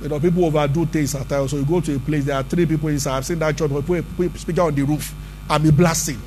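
A man's voice: a little high, fairly even intonation, quick pace, darkish tone, a little hiss or hum. A man preaching a sermon as pastor, emphatic and conversational, often asking the congregation questions.

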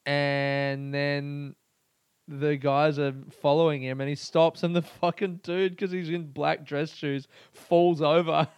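A young Australian man with an Australian accent hosting a podcast, ranting excitably, swearing a lot and laughing often. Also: a little high, slow pace, smooth, no room sound. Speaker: podcast host. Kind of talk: casual podcast rant.

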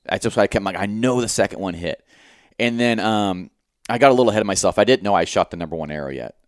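A young man with a fairly low voice tells a story to his co-host in a loose, rambling way. He acts out what everyone said and swears freely. The recording is dry and close. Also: quick pace, no room sound. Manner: rambling, animated retelling with quoted dialogue and swearing. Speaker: podcast co-host. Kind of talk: casual storytelling chat.

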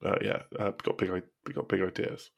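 A young man with a gravelly, lowish voice chats on a podcast. He is chatty and laughs easily at his own ideas. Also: brisk, noisy background. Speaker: podcast co-host. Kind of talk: casual chat.

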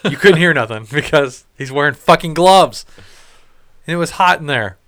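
A man's voice: on the high side, lively intonation, normal speed, a bit bright. A man in his late thirties, ranting and cursing his way through a casual story about a concert. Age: 30s. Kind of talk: casual chat.

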